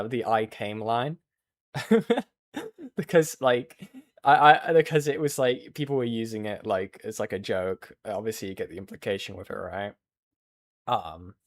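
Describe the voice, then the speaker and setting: A man streaming, chatting casually with viewers and rambling through a story with lots of fillers. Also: medium pitch.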